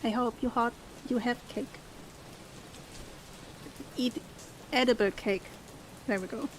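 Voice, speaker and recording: A German-speaking young woman with a slightly high voice streams a let's play of a story game, reading each character's dialogue aloud expressively. She talks slowly and then drifts into relaxed chat with viewers, all against a noisy background.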